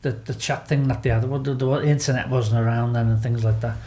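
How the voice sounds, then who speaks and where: A man's voice: mid-range voice, fairly even intonation, brisk, roomy sound, background noise. A Scouse man from Liverpool telling a wild story as a podcast guest, laughing often, swearing freely and acting out what people said. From Liverpool, England. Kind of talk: casual anecdote telling.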